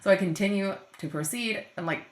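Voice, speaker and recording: Chatty and full of "like" and "um", a young voice teacher talks on her solo podcast about her students. She speaks briskly in a mid-range voice, recorded in a room with echo.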